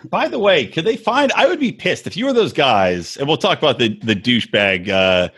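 A man's voice: mid-range voice, normal speed, husky. A man co-hosting a casual podcast about reality TV, ranting in a crude, mocking way. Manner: crude, animated, mocking rants. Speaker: podcast co-host.

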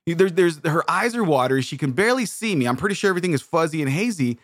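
A man telling a comedic story in a rambling, animated way, often restarting his sentences. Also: on the high side, fast talker, dry recording, studio quality. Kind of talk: comedic monologue.

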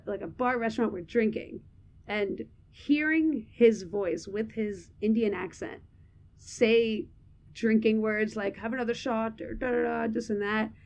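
A young adult woman co-hosts a podcast in casual chat, speaking candidly and rambling with lots of fillers and "like"s, often laughing. Her voice is mid-range, creaky and a little mellow, and the audio sounds dull.

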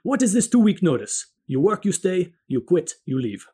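A man voicing an emphatic, blunt male restaurant manager with a thick Italian accent, snapping out sharp exclamations. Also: high voice, sing-song, moderate pace, slightly rough, voice pushed up, heavily acted. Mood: indignant.

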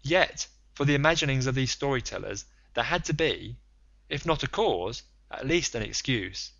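A man narrating a novel in the first person, in a measured, explanatory manner. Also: mid-range voice, expressive, creaky, a bit bright, no echo, highs cut off. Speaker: audiobook narrator.

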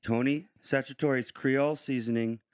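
A man's voice: medium pitch, fairly even intonation, moderate pace, dry recording, clean studio sound. A man co-hosting a podcast, questioning the guest in a joking, mock-confrontational way. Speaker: podcast co-host and pastor. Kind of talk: casual podcast chat.

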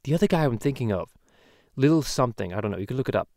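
A man's voice: medium pitch, animated, fast, vocal fry, a little mellow, no echo, studio quality. A man voicing a crude, rambling middle-aged cartoon dad in a casual podcast chat, talking loosely and swearing often. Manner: rambling, profane, loose storytelling.

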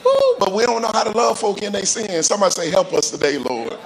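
A male pastor preaching a sermon, calling on the congregation to repeat phrases and rising into shouts with a sing-song cadence. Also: high voice, sing-song, quick pace, creaky, background noise.

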